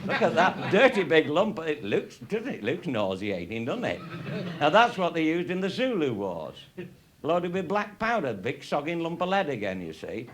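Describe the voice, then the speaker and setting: An older Englishman, a raconteur, tells crude, funny hunting and shooting stories to a live audience, laughing often and showing cartridges. His voice is on the high side with big pitch swings at a moderate pace. The noisy live recording has a crowd in the background.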